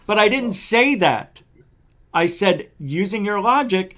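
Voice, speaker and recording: A man's voice: high voice, animated, slow, fairly bright tone. A man hosting a live panel show, defending himself in a heated, swearing argument. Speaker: channel host.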